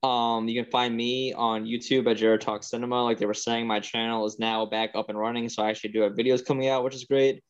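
A man's voice: mid-range voice, level tone, quick pace, hardly any pauses, clean tone. Man, casual podcast chat, rambling easygoing talk, muffled lo-fi mic. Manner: rambling, laid-back, swears. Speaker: podcast co-host. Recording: slightly dull lo-fi sound.

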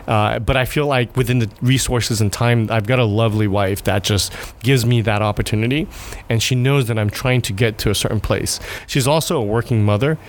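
A man in his thirties, a guest in an interview, talking earnestly and haltingly, with frequent laughs and restarts. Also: mid-range voice. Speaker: guest, restaurant owner and father. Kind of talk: conversational interview.

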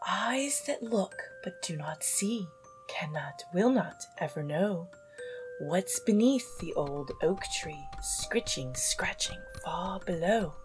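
A creepy reciter with a put-on British accent, as a woman puts it on, reading verse slowly. Her delivery drops into breathy whispers on some lines, keeping the mood eerie. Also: fairly low pitch, animated, faint music behind. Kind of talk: dramatic poetry reading.

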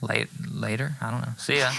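A man's voice: medium pitch, fairly even intonation, a little fast, creaky, sharp tone. A man co-hosting a podcast in casual chat, easygoing and joking, agreeing often with "yeah", recorded in an upstairs room at home. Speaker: podcast co-host.

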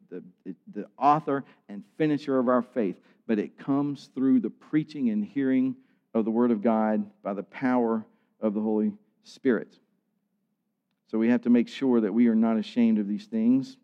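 A man preaching a sermon in an earnest way, building to emphatic peaks. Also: lowish voice. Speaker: pastor. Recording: dull sound with long hall reverb.

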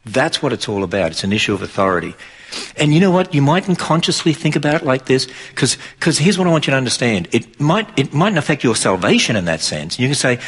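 A man's voice: medium pitch, sing-song, fairly quick, slightly rough. A middle-aged man with an Australian accent preaching to an audience in an emphatic, driving way. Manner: emphatic, rises sharply for mocking quotes. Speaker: Christian speaker.

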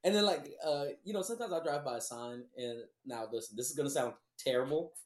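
A man in casual podcast chat, swearing a lot and laughing often as he tells animated stories. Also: a little high, fast. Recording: roomy echo.

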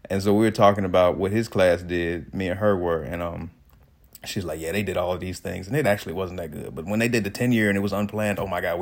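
A man in his late thirties from the Chicago suburbs, telling a story in a casual vlog and laughing often as he goes. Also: on the low side. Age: late 30s. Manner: animated, laughs often, swings from loud excitement to quiet asides. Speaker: vlogger.

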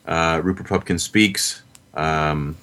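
A man's voice: very deep voice, fairly even intonation, slow, a bit bright. A man co-hosting a casual film podcast, rattling off sponsor codes and blog links between chuckles. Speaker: podcast co-host. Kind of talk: casual chat.

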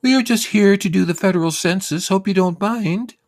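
A man voicing a bold, cheerful older woman census taker who shouts her questions over loud music. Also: sits high, brisk, dry recording, studio quality, pitched above the performer's own voice. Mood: friendly.

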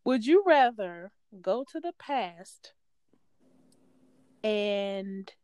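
A woman's voice: medium pitch, animated, very slow, darkish tone, clean tone, no room sound. A young woman hosting a casual podcast, asking questions playfully and laughing often.

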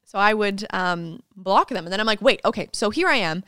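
Woman guest, bubbly storyteller, acts out quotes; smooth voice, dry close mic. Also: medium pitch, lively intonation, a little fast, fairly bright tone, dry recording. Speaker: podcast guest, fitness coach. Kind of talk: casual interview chat.

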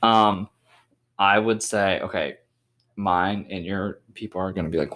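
A man's voice: deep voice, steady tone, moderate pace, fairly bright tone. A young man chatting casually on a podcast, making offhand, crude jokes. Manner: offhand, crude joking banter. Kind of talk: casual chat.

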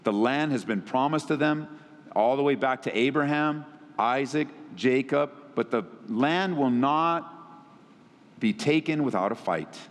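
A man preaching a sermon as pastor, animated and swinging his pitch widely. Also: unhurried. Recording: long reverb of a big hall.

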